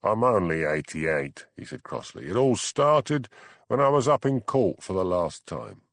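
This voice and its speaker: A man's voice: medium pitch, huge pitch swings, normal speed, creaky, no echo, exaggerated voice. A man voicing a spry, cheeky eighty-eight-year-old ex-convict with a faint Cockney accent who slips into a posh drawl. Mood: cross. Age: 80s. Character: spry elderly male ex-con, cheeky and amiable.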